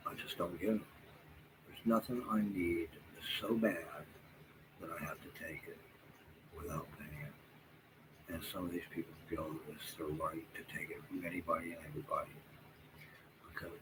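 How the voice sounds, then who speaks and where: A tired man talking to viewers in a halting, rambling monologue, full of fillers and restarts, sometimes dropping to a near whisper. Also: low voice. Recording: noisy room background.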